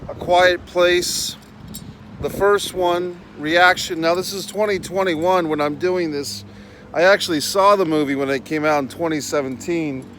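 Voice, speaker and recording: A man's voice: fairly high pitch, background noise. A man vlogging outdoors, telling a story in a blunt, profane, exasperated way straight to his viewers. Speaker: YouTube vlogger. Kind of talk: casual rant to camera.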